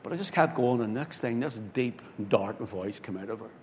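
A man, a pastor telling a story in a sermon, swinging from loud, excited bursts to hushed tones. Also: normal speed. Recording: hall reverb with faint rumble.

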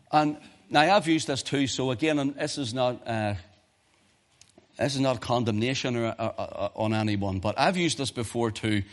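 A man preaching a sermon, swinging from quiet, urgent asides to impassioned cries, quoting scripture in old-fashioned wording. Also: medium pitch. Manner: archaic scripture quotations in King James wording.

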